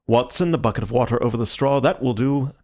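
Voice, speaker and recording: A man doing a calm, theatrical gentleman detective. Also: mid-range voice, lightly acted. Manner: calm, measured, courteous.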